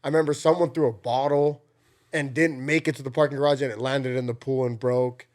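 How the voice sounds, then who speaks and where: A man's voice: medium pitch, fairly even intonation, brisk, darkish tone. Laid-back young man telling stories. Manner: laid-back storyteller, laughs between phrases. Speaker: podcast co-host. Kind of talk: casual chat.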